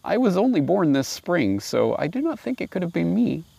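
A man's voice: sits high, very animated, normal speed, creaky, warm tone, breathy edge, dry recording, voice pushed up, full character voice. A man doing a meek, polite young lamb.

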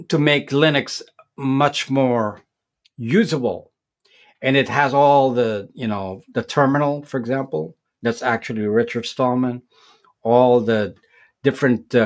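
A man who makes tech videos, explaining things as an interview guest in a casual, halting way with many repeated words and restarts. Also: medium pitch.

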